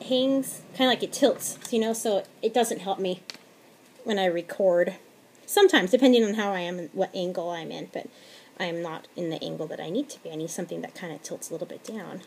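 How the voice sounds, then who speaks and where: A chatty woman in her thirties, filming a craft tutorial at home on a tablet, rambles easily and laughs often. Her voice sits at a middling pitch, and she sometimes dips into quiet, hushed asides. A faint hiss of background noise sits under the recording. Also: a little fast, gravelly. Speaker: crafting vlogger. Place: home at night. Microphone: tablet camera.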